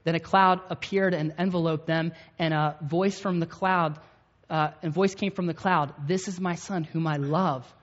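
A man's voice: on the high side, fairly even intonation, normal speed. A man in his thirties preaching a sermon in a conversational, storytelling way, often checking in with the listeners. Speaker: pastor. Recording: echoey hall, dull lo-fi sound.

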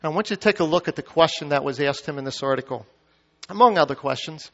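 High-voiced man preaching in a reverberant hall. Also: expressive, fast, vocal fry. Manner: reads scripture aloud, asks the congregation questions. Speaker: pastor. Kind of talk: sermon. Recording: muffled sound with long hall reverb.

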